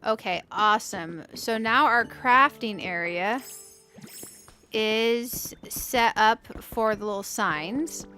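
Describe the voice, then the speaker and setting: A woman's voice: on the high side, slow, sharp tone, soft background music. A woman hosting a casual let's-play, chatting to her viewers as she builds and thinking aloud in a playful, self-mocking way. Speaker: gaming channel host.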